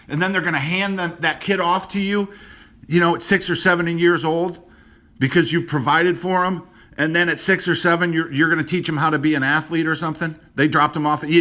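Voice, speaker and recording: A man hosting a motivational rant to camera, blunt and preachy, repeating himself, dropping low and quiet on personal points. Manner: blunt and preachy, repeats phrases, many restarts. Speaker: host.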